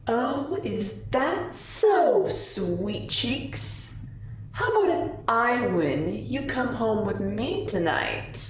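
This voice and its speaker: A woman's voice: lowish voice, takes it slowly, hardly any pauses, a little hiss or hum. A woman voicing a cruel, cocky male card gambler who taunts with a sneering drawl. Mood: mocking. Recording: roomy distant mic.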